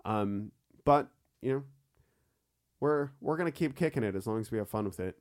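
A man co-hosting a relaxed podcast, talking with friends and often breaking into laughter. His pitch swings widely as he jokes at his own expense. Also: moderate pace. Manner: laughs often, self-mocking, animated. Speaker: podcast co-host. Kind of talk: casual podcast chat.

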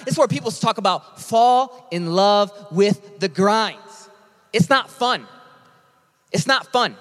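A high-pitched man preaches a sermon in a casual way, with emphatic, energetic bursts. His voice rings with a long reverb from a large hall. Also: slow. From United States. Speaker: pastor.

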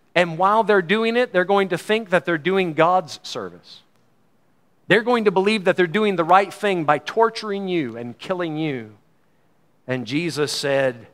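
A middle-aged man preaching a sermon with fervour, swinging from loud declarations to hushed, quiet lows.

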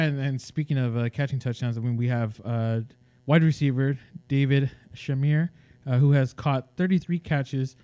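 A man co-hosting a sports podcast, chatting casually and chiming in with quick agreement. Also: medium pitch, dark tone, smooth. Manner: easygoing, quick agreeing interjections.

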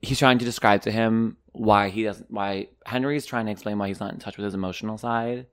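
A young man co-hosting a podcast, chatting casually about a book, often jumping into excited high-pitched outbursts. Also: fairly quick, smooth. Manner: animated, jumps into high squeals when excited. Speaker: podcast co-host. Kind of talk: casual book-club chat.

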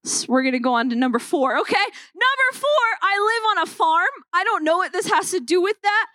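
A woman's voice: very high voice, animated, fairly quick, bright, forceful tone, no echo. A young woman pastor opening a sermon with playful, self-mocking stories from a church stage.

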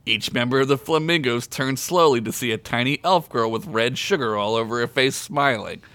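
A man's voice: medium pitch, normal speed, pushed and bright, clean tone, no echo. A man hosting a podcast, reading a comedy story aloud and laughing along. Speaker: podcast host.

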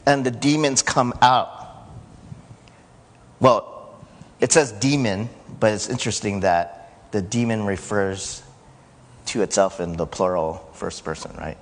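Slow-talking pastor in a reverberant church. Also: male voice, on the low side, slight background noise. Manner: conversational preaching, rising to shouts when quoting. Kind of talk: sermon. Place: church sanctuary.

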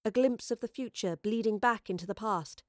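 In a clean studio recording with no echo, a woman narrates an audiobook. Her medium-pitched reading is measured and expressive.

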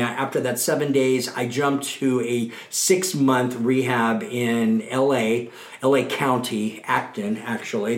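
A middle-aged man giving a candid, earnest account of his own past in an interview. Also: mid-range voice. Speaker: guest. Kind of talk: personal recovery testimony. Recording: roomy echo.

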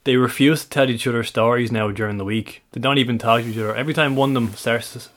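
A man's voice: medium pitch, fairly even intonation, fast, a bit bright. Man, podcast co-host, teasing, laughs often. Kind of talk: casual chat, setting up stories.

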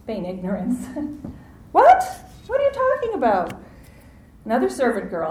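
A woman's voice: lowish voice, slight background noise. Woman preaching in an echoey room. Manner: animated, acts out quoted voices, asks audience to respond. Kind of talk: sermon.

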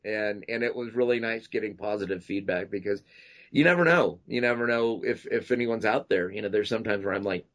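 A man guest on a podcast chatting casually, rambling and halting, often breaking into laughter. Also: on the low side, fairly bright tone. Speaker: podcast guest, makeup artist. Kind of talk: casual chat. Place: at home, tying a wig while talking.

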